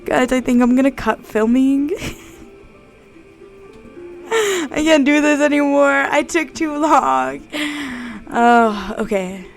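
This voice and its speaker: A woman's voice: high-pitched, lively intonation, takes it slowly, vocal fry, pauses often, faint music behind. A young woman chatting casually to her viewers, giggly and full of fillers, about to read aloud. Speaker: vlogger reading aloud. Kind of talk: casual reading vlog.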